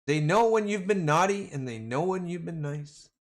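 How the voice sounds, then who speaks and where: A man's voice: a little high, lively intonation, moderate pace. Guy rambling on a livestream, jokey and slangy, voice jumping all over. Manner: rambling, joking, slangy, calls viewers boys and man. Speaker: livestream host. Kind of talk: casual livestream chat.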